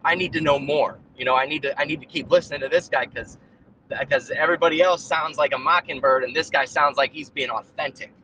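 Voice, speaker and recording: A man's voice: fairly high pitch, steady tone, fast, pushed and bright, a little hiss or hum, low-quality recording. A man ranting in casual chat on a live stream, rambling, with lots of fillers and restarts. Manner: puts on mocking voices when quoting. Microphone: own mic on a remote call.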